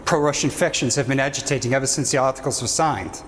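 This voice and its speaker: Wry intelligence officer, played by an actor, mid-pitched, with faint background noise. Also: male voice, fast, a bit bright, natural voice.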